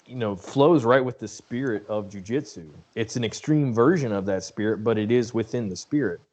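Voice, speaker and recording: A man's voice: fairly low pitch, normal speed, a little mellow. A middle-aged man hosting a podcast interview, chatting in an easygoing, rambling way. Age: late 30s or older. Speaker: podcast host. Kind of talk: casual interview chat.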